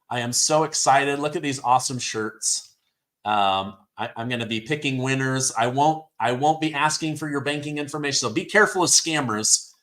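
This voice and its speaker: A man hosting a live stream, reading headlines aloud and reacting with excitement, his throat sore from hours of talking. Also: medium pitch. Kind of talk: live election-night commentary.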